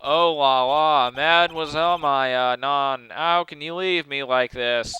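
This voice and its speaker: A man's voice: on the high side, takes it slowly, bright, forceful tone, lo-fi sound. A man voicing a flamboyant French restaurant owner in a hammy mock French accent, stretching his words, with game music behind. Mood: pleading.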